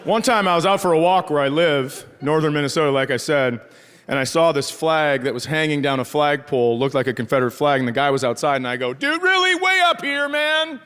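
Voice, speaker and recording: A man's voice: mid-range voice, fast talker, clean tone, big-room sound. A man doing stand-up storytelling, acting out the people in his story and swearing freely. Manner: animated, acts out dialogue in different voices, profane. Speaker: stand-up comedian. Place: comedy stage before a live audience. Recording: live show with audience laughter.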